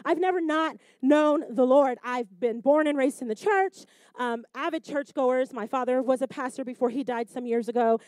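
Woman preacher, high and mellow, close dry sound, passionate sermon delivery with strong rises and soft drops. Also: normal speed, few pauses, no echo. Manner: rises to loud emphatic repetition, drops to soft reflective asides.

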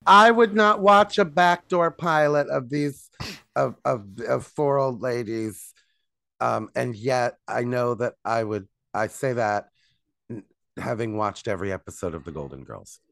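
A man's voice: mid-range voice, unhurried, vocal fry, bright, forceful tone, no echo, studio quality. A man in casual podcast chat, wry and swearing casually.

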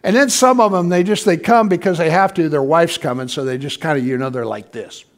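A man's voice: a little high, brisk. A middle-aged male pastor giving a sermon in a church, talking in a conversational way, often asking the congregation questions and chuckling. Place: church sanctuary.

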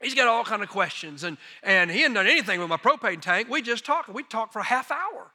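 A middle-aged man preaching as a missionary, telling folksy, self-deprecating stories in an animated way. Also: sits high, fairly quick. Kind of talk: sermon storytelling. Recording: long reverb of a large hall.

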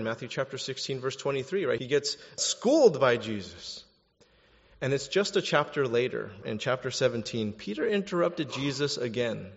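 A man's voice: medium pitch, moderate pace, gravelly, big-room sound, lo-fi sound. A man preaching a sermon, animatedly acting out voices of the people in his story. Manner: animated, mimics voices of biblical figures. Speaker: pastor.

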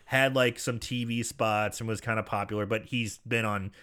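A man's voice: lowish voice, fairly even intonation, normal speed, fairly bright tone, clean tone. A man on a podcast casually recapping a movie scene by scene, swearing freely and often laughing. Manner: laughing, profane, retells scenes with put-on voices. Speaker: podcast co-host.

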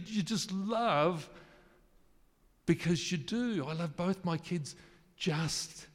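A man preaching a sermon, earnest and emphatic at times, then soft and intimate. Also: on the high side. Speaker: pastor. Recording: long hall reverb.

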